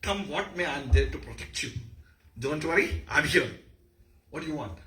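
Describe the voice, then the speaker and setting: A man voices a fearless warrior with a lifted, steady voice and calm reassurance. The sound carries a roomy echo. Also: fairly high pitch, normal speed. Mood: confident. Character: brave confident male warrior.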